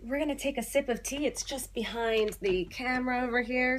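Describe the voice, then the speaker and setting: A young woman talking casually to camera as an activist vlogger, quick and passionate with playful asides. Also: on the high side, a little hiss or hum. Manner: fast, animated, playful asides. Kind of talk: casual direct-to-camera vlog. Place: home room, on hold on a phone call.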